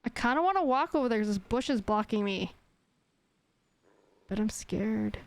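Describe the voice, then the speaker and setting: Female streamer, lightly high voice, casual excitable gameplay chatter over a desk mic. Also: normal speed. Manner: chatty, jumpy and excitable while hunting. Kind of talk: live gameplay chat.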